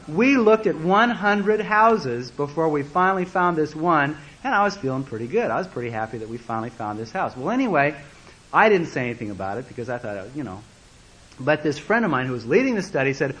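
Animated, husky-voiced male preacher. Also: a little high, rough recording. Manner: animated, acts out quoted voices, repeats words. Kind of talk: sermon storytelling.

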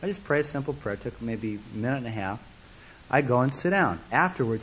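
A man preaching a sermon as a story, animated and repeating words, acting out the voices of the people in it. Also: medium pitch, fast talker, slight background noise, low-quality recording.

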